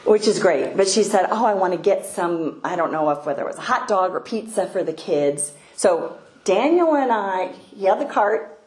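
An older woman giving a devotional talk, unhurried and hesitant, pausing often. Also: mid-range voice, lively intonation, a little mellow. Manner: unhurried, hesitant, many pauses. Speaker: speaker sharing a devotional story. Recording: echoey room, faint ambient noise.

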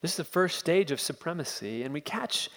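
A man's voice: on the high side, animated, brisk, fairly bright tone. Male preacher, expository sermon, dramatic and questioning, reverberant hall.

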